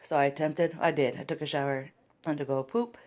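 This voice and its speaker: A woman's voice: deep voice, steady tone, a little fast, darkish tone, slight background noise. A woman vlogger chatting casually at home, rambling with lots of fillers. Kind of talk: casual vlog chat.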